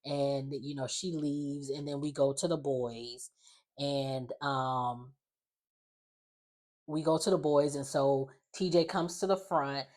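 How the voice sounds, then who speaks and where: A woman's voice: extremely low pitch, slow. A woman recapping a reality show in a casual, chatty vlog, leaning on "like" constantly. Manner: chatty, heavy use of "like", animated quoted voices. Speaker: recap vlogger.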